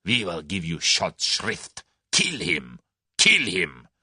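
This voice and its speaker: A furious foreign thug snarls his threats, as a man reads him in an audiobook. The voice drops low and drags heavily. The sound is close and dry. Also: sing-song, bright, forceful tone, slightly rough, no room sound, full character voice. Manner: snarling, slow and heavy. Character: furious menacing foreign male conspirator.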